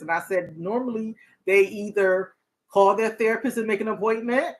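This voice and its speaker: A woman's voice: medium pitch, fairly quick. A woman therapist hosting a casual talk show, speaking in an earnest, heartfelt way. Her voice sits in a middle register. She often restarts her sentences and laughs easily.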